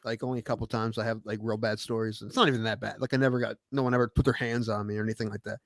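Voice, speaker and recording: Man, 30s, podcast co-host; fast, animated storyteller, dry mic. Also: lowish voice, no room sound. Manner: storytelling, animated quoted voices. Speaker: podcast co-host, baseball umpire. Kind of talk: casual chat.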